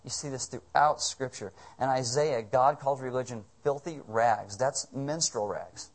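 A man's voice: medium pitch, measured pace. A man preaching a sermon as pastor, conversational and joking, firing off rhetorical questions.

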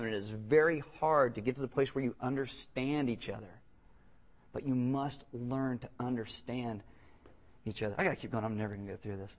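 A male pastor preaching a sermon with humor, acting out voices for the people he quotes. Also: medium pitch. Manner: animated, joking, acts out quotes in voices.

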